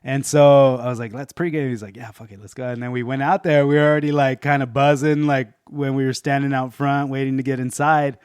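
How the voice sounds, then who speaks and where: A man's voice: mid-range voice, level tone, a little fast, few pauses, darkish tone, clear, resonant tone, dry recording, studio quality. Laid-back swearing podcast host, man. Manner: laid-back, swears a lot, laughs often, says dude. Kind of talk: casual chat.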